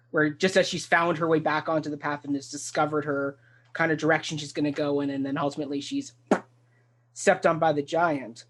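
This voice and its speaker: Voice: medium pitch, a bit bright. Rambling, enthusiastic talk show host. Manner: enthusiastic, rambling and full of restarts. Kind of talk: casual discussion of a stage musical.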